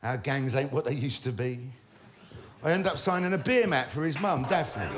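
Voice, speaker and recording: A man's voice: mid-range voice, normal speed, very noisy. A middle-aged man telling a comic story in a wry, cheeky, conversational manner. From London.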